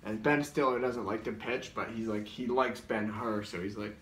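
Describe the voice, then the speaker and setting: A man's voice: lowish voice, steady tone, normal speed, fairly bright tone, a little hiss or hum. Man telling rambling sketch stories, far from the mic in a roomy space. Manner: rambling, full of filler words and restarts. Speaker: comedy show co-host. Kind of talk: rambling comic recollection. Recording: roomy echo, distant mic.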